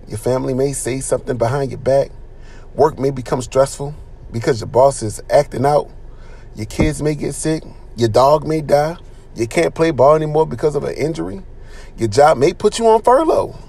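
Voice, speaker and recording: A man's voice: on the high side, darkish tone, husky. A man giving an informal sermon in an earnest, conversational way, with slang and lots of repetition. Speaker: preacher.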